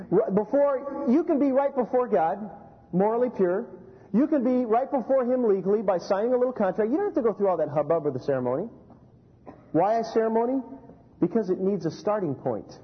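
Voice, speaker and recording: A man preaching a sermon as a pastor, animated, telling stories and asking the congregation rhetorical questions. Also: sits high, big-room sound, highs cut off.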